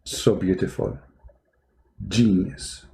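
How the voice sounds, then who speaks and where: A man's voice: low-pitched, expressive, takes it slowly, gravelly, mellow. Man hosting call-in debate, mocking tone, broken English, strained voice, non-native speaker. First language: not English. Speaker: host of a call-in debate stream. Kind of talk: combative live debate.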